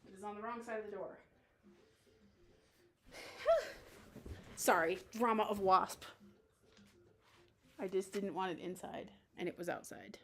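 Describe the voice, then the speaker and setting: A woman's voice: mid-range voice, unhurried, pauses often, a bit bright, a little hiss or hum. A young woman streamer reading a dating game aloud at home, playful and chatty as she acts out the text.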